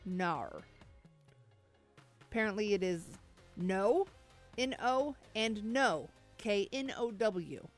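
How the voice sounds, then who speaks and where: A woman co-hosts a morning radio show, bantering casually on air and reacting with playful indignation. Her medium-pitched voice has lively intonation and a slow pace. She is recorded on a studio microphone with dry studio sound, and soft music plays in the background.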